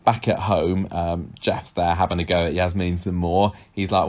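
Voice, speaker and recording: A man's voice: sits low, little pitch movement, normal speed, a little mellow. A man co-hosting a podcast, casually retelling soap scenes and quoting the characters. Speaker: podcast co-host. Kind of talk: casual chat recapping a soap.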